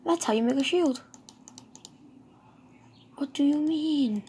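A woman giving casual, excitable commentary while she plays a game, talking to herself. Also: sits high, slow pace, a little hiss or hum. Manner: chatty, excitable, talks to herself. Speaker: gamer.

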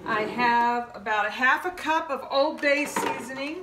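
A woman with a fairly high voice hosts a home cooking demonstration, chatting in a folksy way through every step. The sound is roomy and echoey, picked up from a few feet off in a kitchen, with a faint hum of noise behind her. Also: measured pace. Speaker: home cooking show host. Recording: echoey kitchen, mic a bit far off.

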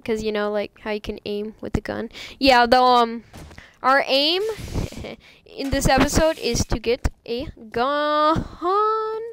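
A woman doing live gameplay commentary, goofy and excitable, often squealing and laughing at her own jokes. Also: sits high, slow, clear, resonant tone. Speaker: game streamer.

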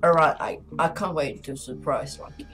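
A woman voicing a doting father in a game story, reading his lines softly and without much fuss. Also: deep voice, moderate pace, faint music behind. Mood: fond.

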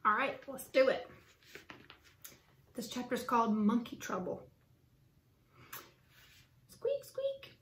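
A woman teacher reading a children's book aloud with lively, expressive storytelling. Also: on the high side, a little slow, pauses often. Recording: roomy echo.

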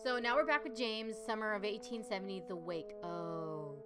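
A woman's voice: medium pitch, normal speed. A woman voice-over artist giving chatty let's-play commentary while playing a puzzle game, reacting aloud with gasps and exclamations. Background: game music.

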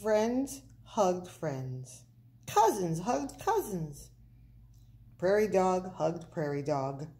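A woman reading a children's picture book aloud, slow and playful with the words. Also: lowish voice. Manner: slow, expressive, playful wordplay. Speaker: storyteller.

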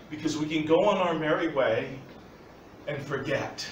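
Male pastor, higher voice, lively emphatic sermon; distant mic, faint room hiss. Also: moderate pace. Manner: animated, emphatic preaching with laughs. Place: church sanctuary. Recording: echoey church from far off.

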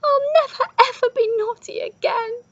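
A woman voicing a naughty, fussy little girl in a storybook reading, with high, exclaiming delivery. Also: drawn-out words, vocal fry, slightly rough, no room sound, muffled recording, exaggerated voice. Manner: exclaiming, expressive.

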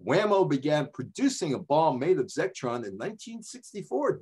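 Older guy from new york area, husky voice, chatty and digressive, keeps going off on tangents. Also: fairly high pitch, big pitch swings, moderate pace, a little mellow. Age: 70s. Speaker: sports journalist giving a talk. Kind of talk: casual storytelling talk.

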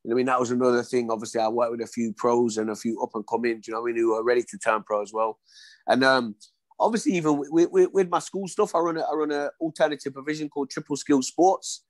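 A man's voice: mid-range voice, fast talker, dry recording. A man, a former boxer telling stories in a casual interview, acting out the dialogue as he goes. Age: 40s. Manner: animated storyteller, acts out dialogue.

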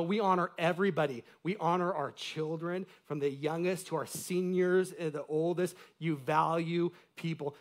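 Casting note: male pastor, slightly high voice, animated preaching, calls out to the church. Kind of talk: sermon. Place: church sanctuary.

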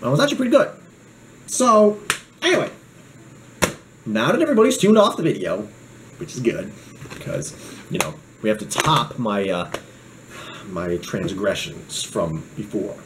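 Young adult male vlogger, lively swooping pitch, goofy and rambling, easily sidetracked. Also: normal speed, long pauses, noisy background. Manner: goofy, joking, drifts off on tangents. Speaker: knife reviewer. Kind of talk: casual rambling vlog.

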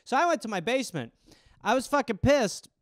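Animated, profane man telling stories. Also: extremely high pitch, a little fast, no echo, studio quality. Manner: profane, animated, acts out quoted voices. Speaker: podcast host. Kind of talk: casual storytelling monologue.

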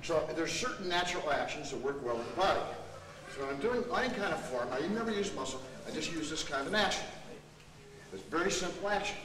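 Martial arts instructor in an echoey hall. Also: male voice, a little high, animated, quick pace. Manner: instructive, demonstrating while coaching students. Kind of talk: hands-on teaching demonstration. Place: training hall at a seminar. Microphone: camera mic from a distance. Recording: echoey hall from far off, noisy.

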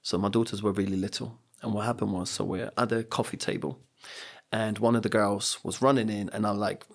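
A middle-aged British man speaks on a podcast in a gravelly, husky voice, earnest and reflective. He tells personal stories and drives his points home with repeated phrases. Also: fairly low pitch, steady tone, a little fast. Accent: British English. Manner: earnest, storytelling, emphatic repetitions. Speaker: podcast guest.

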